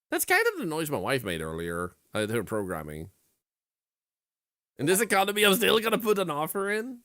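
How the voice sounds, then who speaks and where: A man's voice: fairly high pitch, normal speed, long pauses. A man streaming a horror game, reading notes aloud and joking as he plays. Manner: lively, reads notes aloud, jokes. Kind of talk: gameplay commentary.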